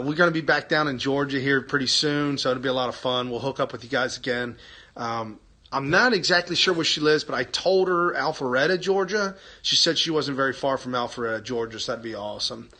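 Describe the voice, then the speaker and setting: A man's voice: medium pitch, sharp tone. A man hosting a casual live stream, chatting with viewers and reading their comments aloud, enthusiastic, laughing and repeating himself.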